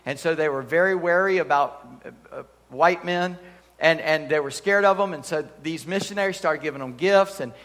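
A male preacher delivers a sermon with animated, emphatic storytelling and humorous asides. His voice sits a little higher than most men's. The church hall adds a long reverb tail behind every phrase. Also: moderate pace.

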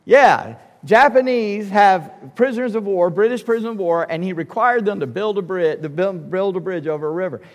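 A man's voice: high voice, moderate pace, hardly any pauses, big-room sound. A male pastor preaching a sermon in an emphatic, conversational way with casual asides. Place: church sanctuary.

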